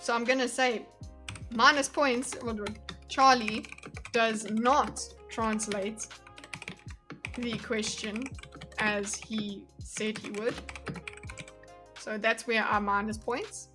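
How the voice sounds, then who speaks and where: A woman's voice: on the high side, fairly even intonation, slow, pauses often, bright, forceful tone, soft background music. A woman streamer giving casual live commentary in a blunt, exasperated, sarcastic way.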